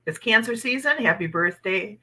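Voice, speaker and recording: A woman's voice: medium pitch, animated, normal speed, pushed and bright, breathy edge, low-quality recording. A woman, hosting a casual livestream from home and laughing often. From Wisconsin. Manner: chatty, laughs often, upbeat. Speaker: livestream host, oracle card reader.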